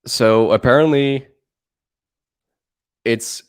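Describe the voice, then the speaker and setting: On a casual livestream, a young co-host from the Netherlands talks with a Dutch accent, medium pitch, and lively intonation at a normal pace. He rambles freely, swearing and laughing.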